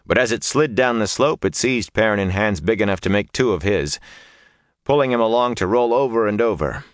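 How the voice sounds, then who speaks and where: Deep-voiced man narrating a fantasy audiobook. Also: expressive, dry recording, clean studio sound. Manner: measured, dramatic reading.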